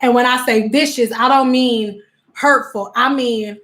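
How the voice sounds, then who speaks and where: A woman with a somewhat high voice chats casually on a livestream, talking straight to her viewers and reacting to their comments. She laughs a lot as she talks and slips into quick, animated voices whenever she quotes someone. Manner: laughs often while talking. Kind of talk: casual chat answering live comments.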